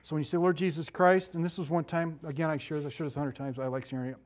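A middle-aged man preaches in a loose, conversational way, breaking into asides and laughing at his own stories. His voice sits a little higher than most men's, and he swings between loud bursts and quiet, confiding lines. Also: fairly even intonation, racing. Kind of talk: sermon.

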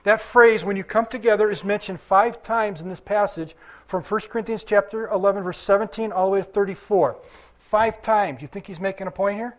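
A man's voice: sits high, fairly quick. A male pastor preaching a sermon in a conversational way, with casual asides. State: limping after surgery.

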